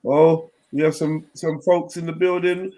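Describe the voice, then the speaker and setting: A man from London hosting a casual live panel chat. His voice sits a little high for a man, and he talks in a laid-back, slangy, rambling way, swearing freely. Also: little pitch movement, unhurried, dark tone. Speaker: host of a live panel stream.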